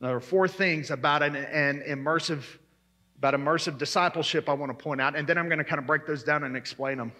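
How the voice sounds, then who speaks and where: A man's voice: fairly high pitch, fairly quick, pushed and bright. A man preaching a sermon as pastor, emphatic and repeating his key words.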